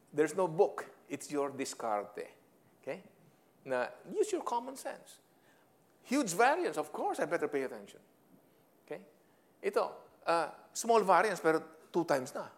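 Filipino guy teaching a leadership class, gravelly voice, keeps quizzing the crowd. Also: a little high. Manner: code-switching, animated, asks the audience questions. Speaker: leadership trainer. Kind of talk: lecture to an audience.

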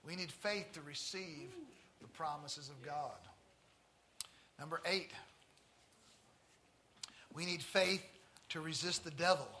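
A male preacher delivering a sermon full of stories, swinging from hushed tones to loud emphatic lines and drawing out key phrases. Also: on the high side, slow, pauses often, a little hiss or hum. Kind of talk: sermon with storytelling.

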